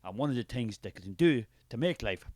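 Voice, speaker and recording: A man's voice: mid-range voice, animated, a little fast, no room sound, close to an everyday voice. An Irish man playing a preachy, fervent male spirit of artistic creativity who rambles grandly in a comic character sketch.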